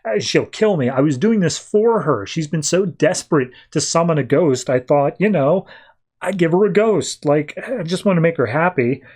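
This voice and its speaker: A man's voice: a little high, lively intonation, normal speed, darkish tone, pitched above the performer's own voice. A man voicing a nervous teenage schoolboy who talks in a flustered, pleading way.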